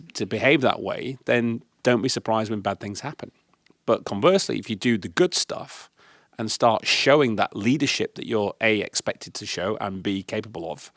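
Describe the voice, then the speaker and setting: Low-voiced uk guy telling punchy leadership stories, dry close sound. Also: no room sound. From United Kingdom. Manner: emphatic, animated anecdotes with acted quotes. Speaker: guest speaker on leadership. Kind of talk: panel discussion, storytelling.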